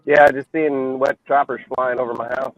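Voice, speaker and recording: A man's voice: mid-range voice, flat delivery, normal speed, dull audio, a little hiss or hum. A man chatting casually in a wry way, laughing at himself. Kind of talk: casual chat.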